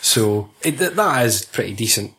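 A man's voice: on the low side, animated, normal speed, bright, forceful tone. A young man with a Scottish accent from Fife, chatting casually about a film, swearing a lot and laughing often. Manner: sweary, laughing, jokey, puts on voices. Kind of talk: casual film review chat.

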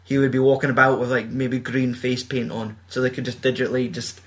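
A man's voice: medium pitch, level tone, brisk. Scottish man, casual sweary movie rant, rambling. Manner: sweary, rambling with many fillers. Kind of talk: casual film chat.

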